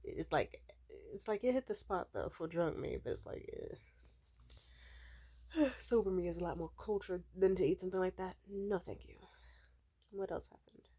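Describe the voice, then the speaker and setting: A tired, sleepy young woman vlogger telling a story in casual chat, animated, laughing often and swearing freely. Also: lowish voice, normal speed, husky.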